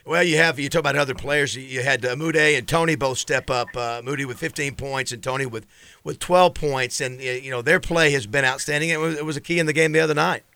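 A man with a gravelly, bright edge talks fast as a sports radio host. His questions ramble with asides and fillers, upbeat and casual. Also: medium pitch, steady tone, slight background noise. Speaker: radio talk show host. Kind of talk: morning sports radio chat.

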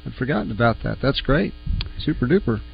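A man's voice: medium pitch, very animated, fairly quick, gravelly. A man co-hosting a sports radio show, talking in an easygoing way and thinking aloud. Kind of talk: casual sports radio talk. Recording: muffled studio audio with faint noise.

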